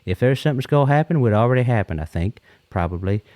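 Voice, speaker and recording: A man's voice: mid-range voice, expressive, fast, darkish tone, no room sound. A man calling in to tell a rambling, comedic story in a folksy way, often repeating and restarting himself. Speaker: caller.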